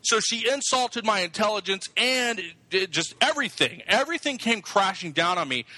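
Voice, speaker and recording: A man's voice: sits high, normal speed, no room sound, poor audio. A man telling a long, profane story in casual chat, stumbling over his words and restarting often. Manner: animated, profane, stammering restarts.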